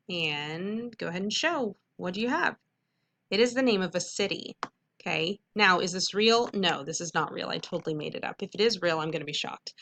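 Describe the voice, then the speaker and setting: A woman teacher giving a recorded phonics lesson to students, speaking in a clear, patient, instructive way and slowly stretching out sounds. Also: lowish voice, bright, forceful tone.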